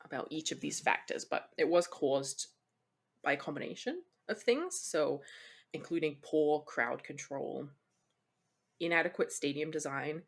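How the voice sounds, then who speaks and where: A woman's voice: low-pitched, creaky. A woman co-hosting a podcast in casual chat, chatty, laughing often and drifting into explanations. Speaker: podcast co-host.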